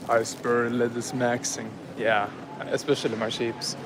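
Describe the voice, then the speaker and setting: A man with a mid-range voice livestreams casually, chatting and kidding with viewers first in his car and then inside a large grocery store. He holds the phone in his hand, and the background is noisy.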